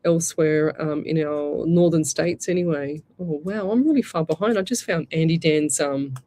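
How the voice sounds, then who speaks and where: A woman's voice: low voice, moderate pace. An Australian woman hosting a live radio show, giving psychic readings in a chatty, rambling way. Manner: chatty, rambling, warm asides like "lovey". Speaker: psychic medium radio host.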